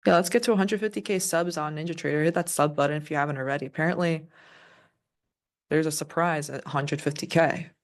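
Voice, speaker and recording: A woman's voice: deep voice, fairly even intonation, fairly quick. A young woman casually chatting as a co-host of a live trading stream, rambling with lots of fillers and restarts. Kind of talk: casual livestream chat.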